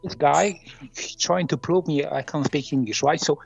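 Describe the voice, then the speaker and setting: A man's voice: a little high, normal speed, gravelly, highs cut off, soft background music. A man from Poland in a heated casual argument in a group voice chat, swearing and repeating himself insistently.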